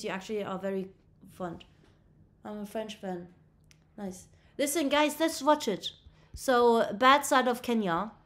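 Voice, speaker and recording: A woman livestreaming casually on a laptop mic, brash and profane, bickering with her chat. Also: medium pitch. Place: indoors at a laptop.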